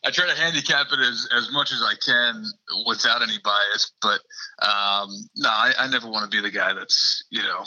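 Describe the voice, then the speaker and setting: A man appearing as a sports betting guest on a podcast, speaking haltingly and repeating his starts. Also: lowish voice, bright, forceful tone, highs cut off. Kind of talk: casual podcast interview.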